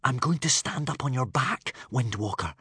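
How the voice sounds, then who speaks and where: A man's voice: mid-range voice, lively intonation, moderate pace, pushed and bright, husky, dry recording, studio quality, heavily acted. A man voicing a brave young Viking boy in an audiobook, tense and determined.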